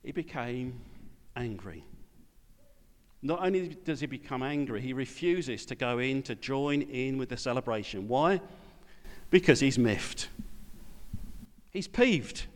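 A man preaching a sermon, talking in a relaxed, conversational way and putting questions to the congregation. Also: mid-range voice, a little slow, pauses often. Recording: long hall reverb.

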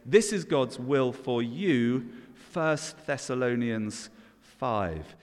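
A man's voice: medium pitch, animated, extremely slow. A man preaching an all-age sermon in a church, leading the congregation in call and response. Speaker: pastor. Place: church hall. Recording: long church reverb.

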